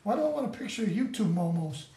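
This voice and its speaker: A performer playing a crude, cocky Sicilian tough guy, in a homemade animated play. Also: medium pitch, fast talker, far from the mic, slight background noise, natural voice. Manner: streetwise, crude, slangy. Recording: echoey room, from the mic.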